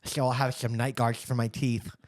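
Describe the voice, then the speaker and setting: A man's voice: mid-range voice, little pitch movement, dry recording. Man, podcast co-host, casual joking chat, dry close-miked sound. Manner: chatty, joking, quick asides.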